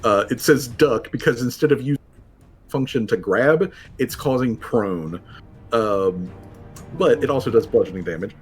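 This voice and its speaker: A man at an ordinary middle pitch runs a tabletop game, describing the action loosely and laughing as he goes. He swears freely and stumbles through his sentences. Faint music plays in the background. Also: moderate pace. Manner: laughing, loose and profane, stumbles over words. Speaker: game master. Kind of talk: running a tabletop game, casual narration.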